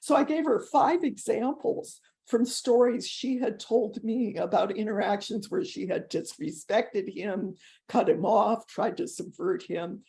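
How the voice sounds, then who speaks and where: A woman's voice: mid-range voice, measured pace, gravelly, few pauses, warm tone. A woman author telling stories in an interview on a video call, earnest and quoting past dialogue. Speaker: author guest. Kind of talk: storytelling in an interview.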